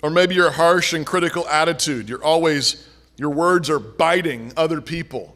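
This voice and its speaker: A man preaching a sermon with earnest, repetitive phrasing, swinging between forceful and hushed. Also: fairly high pitch, moderate pace.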